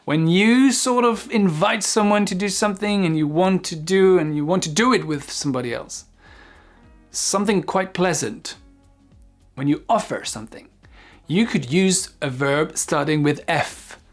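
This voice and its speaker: A man with a French accent, a native French speaker, teaching English phrases in a casual video lesson, speaking slowly and articulating carefully with frequent ums. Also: high-pitched, soft background music.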